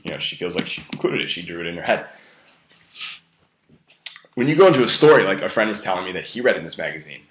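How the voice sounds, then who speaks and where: A man giving a casual coaching talk, talking loosely and rapidly with many fillers. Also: sits low, very animated, slight background noise. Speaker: dating coach. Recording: echoey room.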